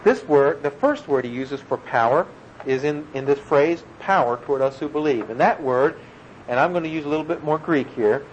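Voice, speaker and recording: A man preaching an earnest, emphatic sermon, explaining a scripture passage verse by verse. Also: on the high side. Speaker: pastor. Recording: dull lo-fi recording with faint room noise.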